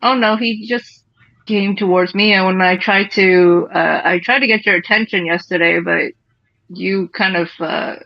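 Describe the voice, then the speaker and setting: A woman's voice: medium pitch, steady tone, unhurried, creaky, no room sound. A woman playing a tabletop game, talking casually and laughing between lines. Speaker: player. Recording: dry, dull lo-fi mic.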